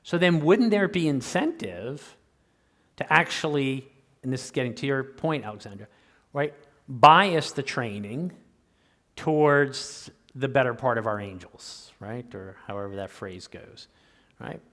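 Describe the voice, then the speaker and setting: An older male lecturer answers audience questions in an easy, conversational way, tagging "right?" onto his points. His voice sits at a medium pitch. The sound carries the long reverb of a lecture hall. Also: animated, measured pace, fairly bright tone. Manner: conversational, keeps asking "right?".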